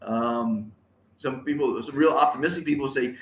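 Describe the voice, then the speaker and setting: A man's voice: mid-range voice, normal speed, echoey room. A man giving an enthusiastic live-streamed motivational talk, repeating catchphrases and urging viewers to say them aloud. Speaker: motivational speaker. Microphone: on camera, live stream.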